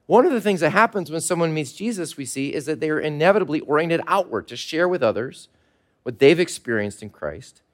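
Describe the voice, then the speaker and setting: A man, a pastor, preaching a sermon to his congregation in a relaxed, conversational way with light laughter. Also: a little high, brisk. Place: church service held in a mall.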